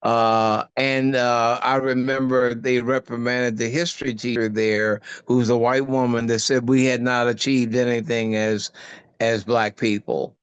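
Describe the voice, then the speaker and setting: An older man, a guest actor, chatting in an interview and telling stories animatedly, with many halting restarts. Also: clear, resonant tone, no echo. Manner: animated storyteller, voice jumping high for quoted asides. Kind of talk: casual interview chat.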